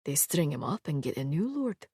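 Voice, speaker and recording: A woman voicing an immortal male swordsman who speaks in a low, quiet, dryly amused undertone. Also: sing-song, normal speed, breathy edge, no room sound, studio quality, full character voice. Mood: hushed. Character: gruff immortal male swordsman, dry wit.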